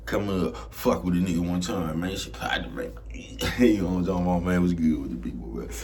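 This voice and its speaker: A man's voice: sits low, brisk, slight background noise. A man ranting casually to camera in a laid-back, streetwise way, keeps asking "you know what I'm talking about". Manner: laid-back, gets loud and heated. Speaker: vlogger.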